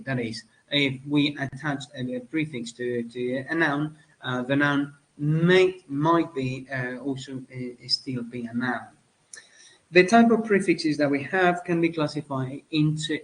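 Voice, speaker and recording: A man from Spain teaching a lesson, with many fillers, pauses and self-corrections. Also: mid-range voice, low-quality recording. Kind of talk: spoken lecture.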